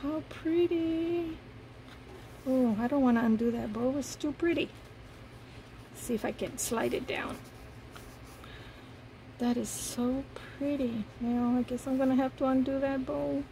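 A woman casually commenting as she unboxes craft gifts, softly gushing over each piece. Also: high voice, fairly even intonation, measured pace, pauses often, slight background noise, poor audio. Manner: gushing, soft-spoken, admiring each item. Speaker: paper craft vlogger.

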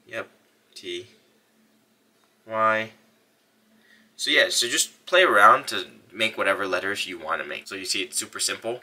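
Bright-voiced upbeat male tech vlogger. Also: lowish voice, a little hiss or hum. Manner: upbeat and energetic; talking while demonstrating on a phone. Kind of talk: casual tutorial.

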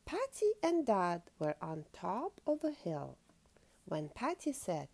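A woman storyteller reading a picture book to young children, gentle and coaxing. She talks slowly, her pitch rising and falling in a wide singsong, with a slightly gravelly texture. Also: sing-song, no echo.

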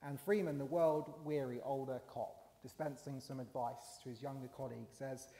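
A man's voice: medium pitch, fairly even intonation, normal speed, dark tone. A man preaching a conversational sermon, with fillers and rising emphasis. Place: church. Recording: long church hall reverb.

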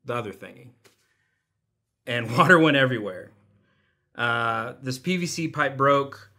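A man's voice: mid-range voice, animated, unhurried, pushed and bright. A young adult man giving a personal testimony in a church online service, telling stories with self-deprecating humor. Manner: self-deprecating storytelling with laughs. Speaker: church volunteer speaker.

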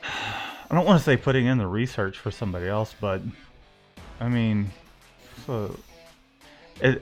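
A man co-hosting a casual livestream, joking and greeting viewers by name. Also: on the low side. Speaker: livestream co-host.

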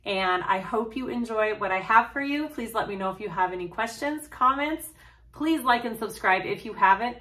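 A woman's voice: fairly high pitch, expressive, normal speed, a bit bright. A woman hosting a casual sewing tutorial vlog, gushing and bubbly, laughing often and using fillers, recorded at home. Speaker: host. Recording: voice a little distant from the mic.

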